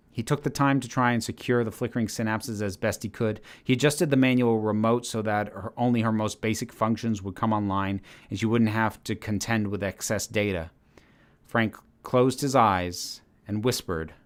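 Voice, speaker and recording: A man narrating a story aloud in a steady, measured reading manner. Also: lowish voice. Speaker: channel host reading his story. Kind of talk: audiobook-style story narration.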